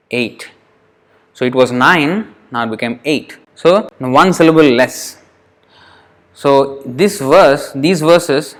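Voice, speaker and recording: A man teaching an informal lesson on verse pronunciation, patient, often restarting and sounding words out slowly syllable by syllable. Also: medium pitch, a bit bright. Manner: frequent restarts, thinking aloud.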